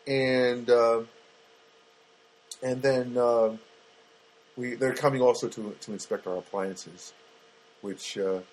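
A man's voice: mid-range voice, steady tone, slow, pauses often. A man hosting a podcast, a comedian rambling through everyday grievances with a wry, self-mocking manner. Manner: rambling, self-deprecating, many fillers and restarts. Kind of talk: rambling comic monologue.

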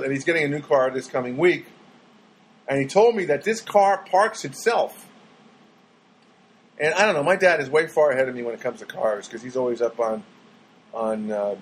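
A man's voice: on the high side, husky, poor audio. A man vlogging in a casual, rambling monologue that keeps swinging into exasperated rants.

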